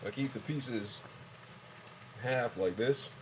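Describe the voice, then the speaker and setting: A man's voice: medium pitch, takes it slowly, noisy background. A man casually narrating each step as he cooks a meal, talking the viewer through what he is doing. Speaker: home cooking vlogger. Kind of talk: casual cooking demonstration. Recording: loud kitchen clatter behind. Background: dishes, pots and cutlery clattering.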